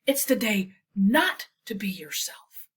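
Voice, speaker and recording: A woman's voice: mid-range voice, sing-song, measured pace, a bit bright, recorded from a distance. A woman voicing a cheerful, easygoing male duck in a storybook read-aloud.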